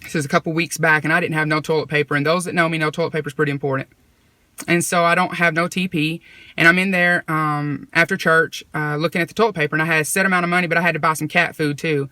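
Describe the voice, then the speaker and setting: A woman's voice: low-pitched, steady tone, quick pace, sharp tone, dry recording. A woman casually sharing a faith testimony, retelling a conversation with lots of "I said". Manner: conversational, retelling dialogue with repeated "I said". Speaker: vlogger sharing a personal testimony.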